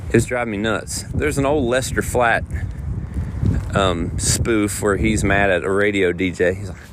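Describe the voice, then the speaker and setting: A man, a touring guitar player, telling road stories in a rambling, animated way while walking outdoors. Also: lowish voice, moderate pace. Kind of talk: casual vlog storytelling. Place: outdoors on city streets. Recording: outdoor street noise and wind.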